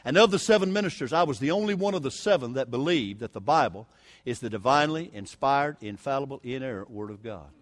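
A man's voice: medium pitch, animated, fast talker, no room sound. A man preaching a sermon, telling a personal story in a folksy, emphatic way with touches of humor. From Southern United States. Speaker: evangelist preacher.

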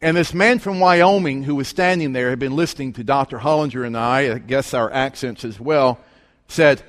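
A man preaching, telling a story in an animated way and acting out the voices of the people in it. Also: medium pitch, normal speed. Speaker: pastor. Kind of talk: sermon storytelling. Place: church sanctuary. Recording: long reverb of a large hall.

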